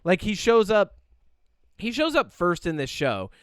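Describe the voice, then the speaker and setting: A man's voice: high-pitched, very animated, unhurried, smooth, no echo, clean studio sound. A man co-hosting a podcast in casual chat, rambling animatedly with lots of fillers and quoted asides. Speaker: podcast co-host.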